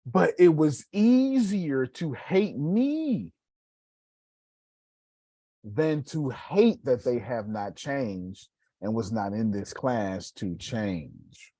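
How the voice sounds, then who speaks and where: A man teaching a class, animated and slangy, joking and acting out examples. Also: medium pitch, extremely slow, no room sound.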